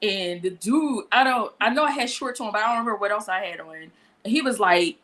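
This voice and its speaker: A woman telling a story on a podcast in a casual, animated, profane way. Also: mid-range voice, brisk. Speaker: podcast guest.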